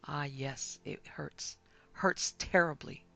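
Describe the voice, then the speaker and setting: A woman voicing a quiet, menacing disfigured blind man. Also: low voice, fairly even intonation, slow pace, gravelly, exaggerated voice. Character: bitter disfigured blind man taking revenge. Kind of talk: horror audiobook reading.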